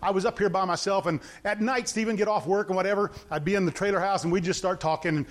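A man's voice: high-pitched, quick pace. A middle-aged man preaching an informal sermon, telling stories with gusto, acting out the characters and laughing at them.

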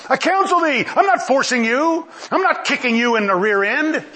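Animated preacher with a husky high voice. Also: male voice, normal speed. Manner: animated, conversational, asks the congregation questions. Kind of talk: sermon.

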